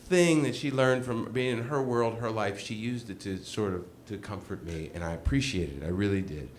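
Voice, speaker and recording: A faint hiss or hum accompanies a middle-aged man with a lowish voice talking at a normal speed. On stage, he tells an amusing story about himself in an animated, self-mocking way, doing the voices of the others in it.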